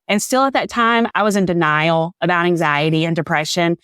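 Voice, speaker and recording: A woman's voice: lowish voice, fairly quick, fairly bright tone, clear, resonant tone, no echo, studio quality. A woman guest on a podcast, earnest and heartfelt, repeating phrases for emphasis. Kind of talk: personal storytelling in an interview.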